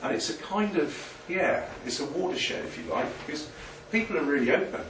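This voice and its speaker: A man's voice: a little high, lively intonation, a little fast, noisy background. Chatty man presenting in an echoey room. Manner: chatty, self-deprecating, motivational. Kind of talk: informal business presentation. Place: meeting room with an audience. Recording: echoey room, picked up from a distance.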